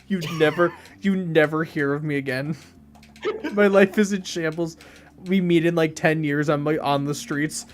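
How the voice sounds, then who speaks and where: A man hosting a game stream tells stories in a slightly high voice and slips "like" into nearly every sentence. His talk is loose, self-mocking chat with a friend. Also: slow. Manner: storytelling, self-mocking, many "like" fillers.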